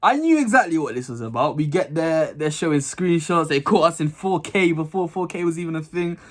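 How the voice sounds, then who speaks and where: A man's voice: a little high, brisk. A young man telling a school story to his channel, acting out the voices and laughing often. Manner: animated, acts out dialogue, laughs a lot. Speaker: vlogger. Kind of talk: casual storytime.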